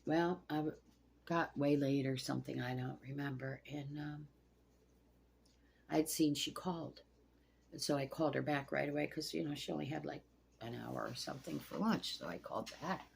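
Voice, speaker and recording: Gravelly voice in its sixties. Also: medium pitch, steady tone, normal speed. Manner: rambling, profane and emotional. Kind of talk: late-night personal storytelling.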